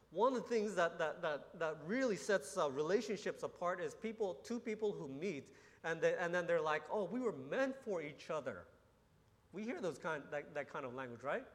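A man preaching a sermon as pastor, teaching earnestly with restarts and rhetorical questions. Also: high-pitched. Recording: long hall reverb.

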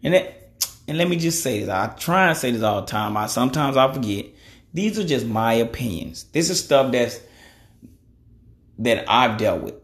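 A man's voice: medium pitch, lively intonation, normal speed. A man in his thirties giving his opinions in a blunt, conversational monologue, cussing freely and leaning on "you know.". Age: 30s. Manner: frequent "you know" fillers. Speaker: podcast host.

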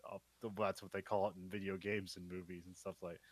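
A man's voice: sits low, flat delivery, fast talker, no echo. A man co-hosting a film podcast, recapping scenes in a loose, chatty way and laughing often. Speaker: podcast co-host.

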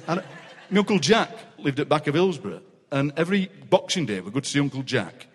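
A man in his sixties with a Yorkshire accent, telling animated, laughing anecdotes as the guest poet of a live interview. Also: fairly high pitch, fast, husky. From Yorkshire, England. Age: 60s. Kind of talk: comic storytelling in a live interview. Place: large city hall, live audience. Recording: reverberant hall.

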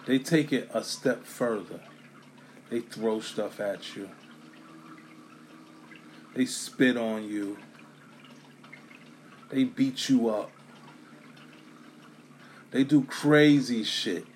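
A man talking casually and profanely about sports fans, swinging between loud bursts and low mutters. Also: extremely slow, long pauses, slight background noise. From New York.

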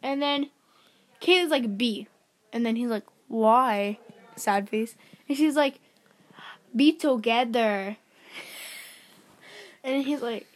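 A young woman casually retelling a dating story, giggling and quoting text messages in a flat voice. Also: a little high. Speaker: co-host. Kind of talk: casual gossip chat.

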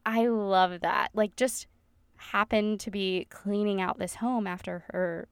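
A woman's voice: mid-range voice, steady tone, takes it slowly, clean tone, no room sound, clean studio sound. A woman with a Southern American accent co-hosting a podcast, chatting in a gushing, friendly way and reading listener emails aloud. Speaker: podcast co-host. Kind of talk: casual chat.

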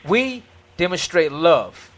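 A man's voice: fairly high pitch, sing-song, takes it slowly, fairly bright tone. A man in an earnest faith-based discussion who quotes scripture and acts out his own encounters as dialogue.

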